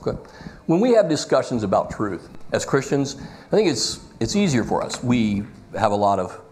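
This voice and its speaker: A man teaching a church Bible class, talky and lively, joking and wandering off his notes. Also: mid-range voice, moderate pace. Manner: lively, talky, jokes and goes off script.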